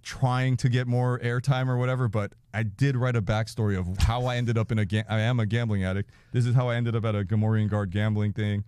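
A man in his forties telling a story in casual chat as a podcast guest, animated and profane, laughing often and acting out quotes. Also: on the low side, fairly quick, few pauses, clean tone.

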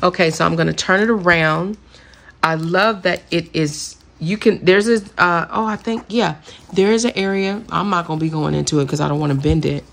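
In a casual haul video, a vlogger shows off her purchases, chatting and gushing enthusiastically and saying "y'all" a lot. Her voice is fairly low with vocal fry, and she talks at a moderate pace.

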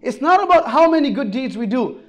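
A man preaching an Islamic sermon, telling stories earnestly and moving between soft, low passages and raised, emphatic ones. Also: sing-song, brisk, soft background music.

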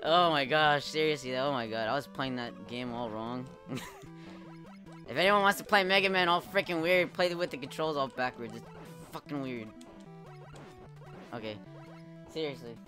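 A young man commenting live on his gameplay, swearing a lot, laughing often and yelling at the game when he fails. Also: mid-range voice, normal speed, long pauses. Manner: profane, excitable, laughs often, shouts at the game. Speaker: streamer playing a retro game. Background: game music.

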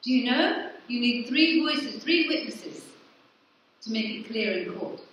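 A woman's voice: on the high side, expressive, a little slow, a bit bright, a little hiss or hum. A woman vicar preaching a sermon, asking the congregation questions and answering them herself, recorded from a distance in a church. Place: large church hall. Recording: echoey church, speaker far from the mic.

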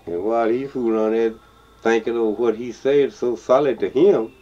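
A man's voice: medium pitch, dark tone. Older Texas man telling a tale, lo-fi. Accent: Texas Southern. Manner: slow, drawling, chuckling storyteller. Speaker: blues songster and storyteller. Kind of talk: folksy spoken storytelling. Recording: dull lo-fi field recording with guitar.

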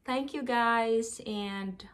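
A woman from the Philippines filming a casual unboxing vlog, gushing with excited exclamations. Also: on the high side, very slow, clean tone. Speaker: vlogger.

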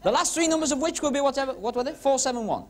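A man doing comic magic patter on a club stage, teasing audience volunteers with quick cheeky asides. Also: extremely high pitch, animated. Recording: 1970s TV broadcast with crowd laughter and hiss. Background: audience laughing and murmuring.

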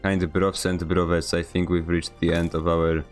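Faint music plays behind a Polish man with a Polish accent as he streams a game, talking to viewers in a wandering, self-mocking way. His voice sits low, and his delivery is flat at a normal speed.

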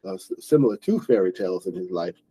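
A man's voice: low-pitched, expressive, fast talker, warm tone, slightly rough, low-quality recording. A man hosting an online English book club, explaining a story in a loose, rambling way with many fillers and restarts. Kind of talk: casual explaining lesson.

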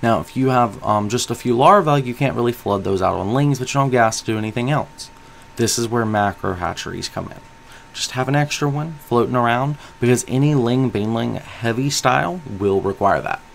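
Gravelly man coaching over game footage. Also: mid-range voice, a little fast, a little hiss or hum. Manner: coaching, asks the viewer questions. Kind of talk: analytical game commentary.

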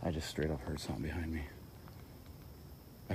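A man filming himself on a wooded trail at night, nervous and swearing in hushed tones, out of breath, recorded on his camera rig mic. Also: a bass voice, fairly even intonation, a little fast, long pauses, noisy background. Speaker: vlogger. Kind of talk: night walk vlog. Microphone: camera rig mic, handheld.

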